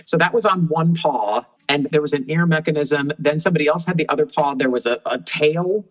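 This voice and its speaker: A woman's voice: low voice, brisk, low-quality recording. A woman being interviewed on a podcast, telling stories about her work in a thoughtful, often restarting way. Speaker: guest puppeteer. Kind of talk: casual interview chat.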